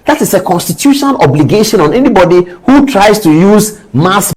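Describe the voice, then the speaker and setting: A Ghanaian man lectures with indignation, firing question after question. His husky voice sits fairly high and climbs sharply as he presses his point. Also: very animated, a little fast, darkish tone, rough recording. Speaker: news commentator. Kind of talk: impassioned commentary.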